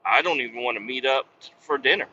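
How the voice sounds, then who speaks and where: A man's voice: mid-range voice, quick pace, pushed and bright, muffled recording, a little hiss or hum. A man in his thirties hosting a podcast, rambling in a jokey, profane monologue. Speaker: podcast host.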